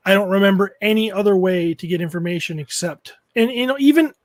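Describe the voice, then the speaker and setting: A middle-aged man with a high voice for a man chats as a podcast guest, often stopping to restart his thoughts. The recording is dry and close, with no room sound. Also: dry recording. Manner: halting, restarts his thoughts while recalling. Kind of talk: casual chat.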